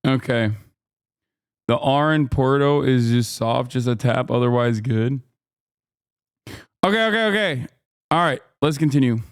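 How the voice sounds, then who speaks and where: A man's voice: medium pitch, fairly even intonation, normal speed, clear, resonant tone, no room sound. A man hosting a live stream, chatting casually and joking back at his chat. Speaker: livestream host. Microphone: close streaming mic.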